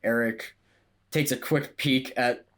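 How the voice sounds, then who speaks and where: A man co-hosting a podcast, chatting casually and in a lively way. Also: mid-range voice, slow. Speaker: podcast co-host. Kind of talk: casual chat.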